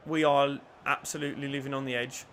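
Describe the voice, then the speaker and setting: Excitable young man commentating a game. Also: fairly high pitch, a little hiss or hum. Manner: swings from muttering to shouting, cheeky banter. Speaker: gaming YouTuber.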